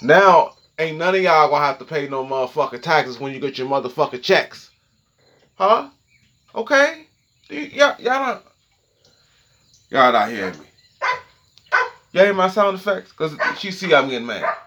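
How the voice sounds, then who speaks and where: A man's voice: a little high, normal speed, long pauses, dull audio. A man hosting his own podcast, talking in a loose, profane rant from his home setup and checking in with listeners. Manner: animated, profane, keeps asking "okay?". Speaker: podcast host. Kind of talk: casual solo podcast rant.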